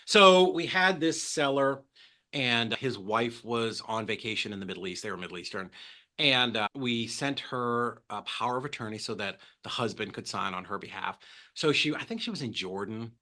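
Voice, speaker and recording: A man talking as a podcast guest, telling animated stories and acting out quotes with big jumps in pitch. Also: moderate pace. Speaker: guest, real estate transaction coordinator. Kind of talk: casual podcast storytelling.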